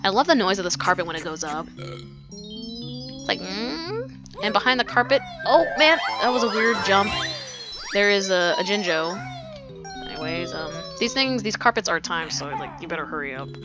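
A woman's voice: medium pitch, big pitch swings, normal speed. A young woman giving casual, rambling let's-play commentary, full of "like" and swearing, giggling often. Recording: game music behind voice.

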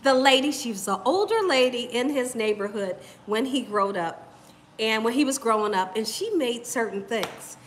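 A woman's voice: fairly high pitch, lively intonation, normal speed, a little hiss or hum. A middle-aged woman hosting a cooking channel, chatting casually on a livestream, laughing often and repeating herself for emphasis.

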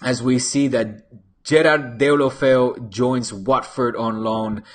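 A man hosts a live football chat show at his desk mic, his voice slightly husky. He rambles casually through viewer comments with lots of fillers and restarts. Now and then he slips a Spanish phrase into his talk. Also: medium pitch, fairly even intonation, slow. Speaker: football channel host. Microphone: desk microphone.

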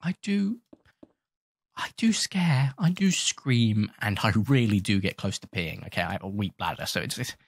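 A man talks over his gameplay in a loose, rambling way, cracking self-mocking jokes and telling off the sharks in his game. His voice sits fairly low, and the sound is dry and close with no room around it. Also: animated, moderate pace, vocal fry, no room sound. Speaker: gaming channel host. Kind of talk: casual gameplay commentary.

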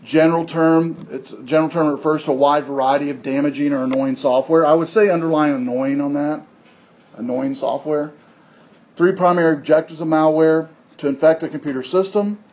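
A man's voice: fairly high pitch, fairly even intonation, brisk. A man from Missouri with a Southern accent, teaching a class in a casual, rambling way with lots of fillers. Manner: rambling, with many fillers and restarts. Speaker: instructor. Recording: dull lo-fi classroom recording with faint hiss.

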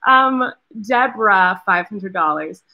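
A woman's voice: mid-range voice, moderate pace, highs cut off. A woman hosting a live charity fundraiser, talking casually and earnestly to viewers and thanking donors. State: tearful, close to crying. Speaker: host of a charity fundraiser livestream.

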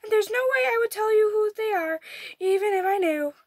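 A woman's voice: very high voice, a little fast, darkish tone, no room sound, clean studio sound, voice pushed up. A woman voicing a stubborn male frog in a picture-book reading, answering bluntly and defiantly.

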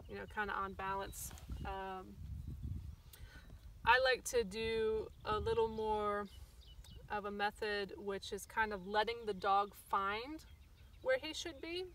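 A woman's voice: mid-range voice, sharp tone. Woman trainer, casual outdoor lesson, recorded from a distance with light background noise. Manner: casual, many ums, acts out dog corrections. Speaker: stockdog trainer. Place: outdoors at a rural field. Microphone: phone camera from a distance.

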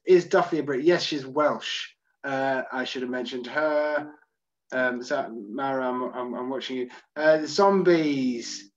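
A Scottish man hosts an online music tour, chatting loosely as he reads and responds to questions from the live chat. His voice sits in the mid range, and the recording has its highs cut off.

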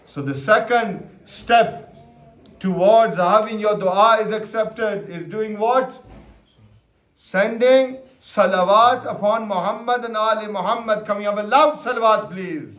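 A man's voice: high-pitched, a little slow, fairly bright tone. A man preaching a sermon, asking the audience questions and calling on listeners by name. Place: religious gathering hall. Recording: echoey hall.

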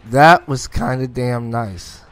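A man giving casual gameplay commentary, excitable, swearing often and taunting enemies as he plays. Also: medium pitch, slow pace, slight background noise.

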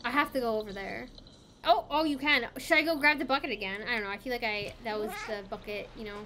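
A woman streamer giving excitable, gasping commentary as she plays a game live and chats to her viewers. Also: a little high, fast talker, a little hiss or hum. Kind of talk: live let's play commentary. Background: game music.

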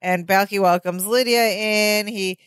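A woman co-hosting a podcast, retelling a sitcom scene in casual chat, full of "like" and quick restarts. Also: medium pitch, steady tone, clean tone, no echo, clean studio sound. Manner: chatty, lots of "like" and "yeah", restarts while retelling. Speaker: podcast co-host.

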